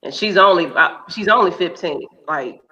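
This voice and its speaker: A woman's voice: lowish voice, lively intonation, normal speed, pushed and bright, a little hiss or hum. A woman in her thirties, a podcast co-host talking frankly and candidly in casual chat. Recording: dull lo-fi recording.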